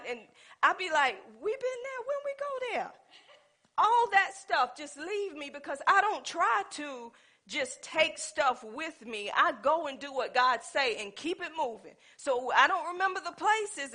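A woman preaching a sermon in a conversational, storytelling way, speaking. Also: sits high. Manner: animated, conversational, with dialect and storytelling.

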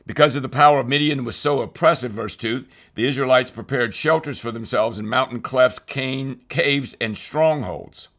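An earnest Bible teacher with a mid-range, fairly bright voice leads a weekly study at a moderate pace, barely pausing. He walks listeners through scripture, repeating key phrases for emphasis, and his voice rises in intensity when he quotes a passage.

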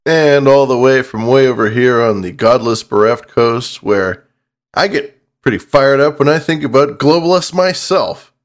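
A man co-hosting a podcast in casual chat, mellow and encouraging. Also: mid-range voice, normal speed. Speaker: podcast co-host.

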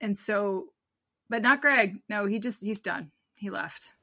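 Female podcast co-host with a bright, sharp voice; animated, drops to a murmur at the ends of lines. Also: mid-range voice, a little slow, gravelly, dry recording, studio quality. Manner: animated storyteller, trails off quietly at ends. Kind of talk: casual chat.

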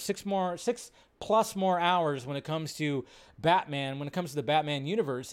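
Chatty male live-stream host. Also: fairly high pitch. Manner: rambling, filler-heavy, chatty. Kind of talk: casual live-stream commentary.

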